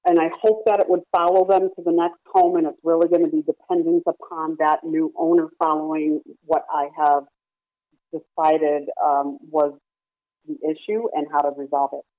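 A woman's voice: deep voice, level tone, normal speed, no room sound. A woman who runs a parrot rescue, explaining her training at length with examples in a phone-in radio interview. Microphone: telephone. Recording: tinny dry phone line.

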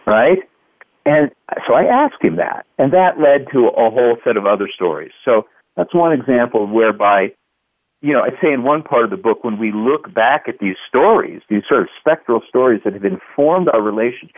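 In a radio interview, a guest author in his fifties from Louisville, Kentucky, USA, tells a family story in a mid-range voice at a moderate pace. He's a lively narrator who acts out quotes, and the recording is dry and phone-like.

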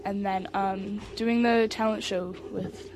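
A woman's voice: mid-range voice, fairly even intonation, slow, noisy background. A teenage girl guest chatting casually, bubbly and laughing often, her sentences trailing off. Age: teens. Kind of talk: casual chat.

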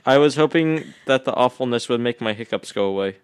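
A man's voice: mid-range voice, animated, brisk, clear, resonant tone. Hiccuping male co-host, self-mocking. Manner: self-mocking, dramatic sighs. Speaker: podcast co-host. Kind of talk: casual chat.

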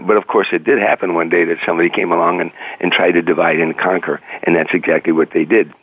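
An older man, a guest comedian on a radio talk show, telling an animated story and acting out the voices of the people in it. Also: low-pitched, fast, husky, dry recording. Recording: dry, narrow phone-line sound.

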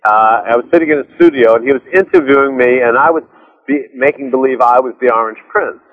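A man guest on an interview, rambling and animated, with restarts as he tells stories. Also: medium pitch, fast talker, narrow, tinny audio. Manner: rambling, animated storyteller with many restarts and laughs. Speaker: author and director, interview guest. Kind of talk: casual interview chat.

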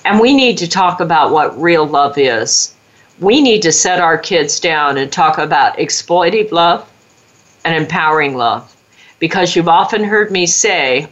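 A woman's voice: lowish voice, a bit bright, muffled recording. A woman hosting a talk show, urging parents in an earnest, preaching monologue. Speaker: host.

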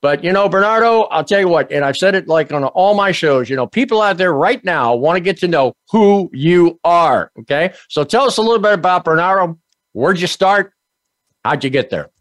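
A man's voice: sits high, animated, moderate pace, fairly bright tone, dry recording. A man hosting a business talk show, reading an upbeat promotional introduction and chatting with his guest. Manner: upbeat, promotional, spells out web addresses. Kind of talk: enthusiastic show host introduction.

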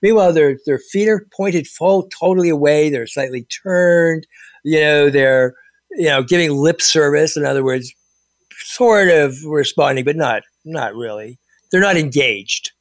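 In casual conversation, a man with a voice on the high side spins animated stories at a measured pace, packed with fillers and restarts. There's no echo on the recording.

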